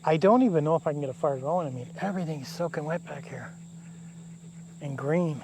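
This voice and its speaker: A man's voice: fairly high pitch, brisk. A man vlogging casually to camera while camping in damp woods by a river, talking in an easygoing, rambling way. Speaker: outdoor vlogger. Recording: faint outdoor insect noise. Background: crickets and insects.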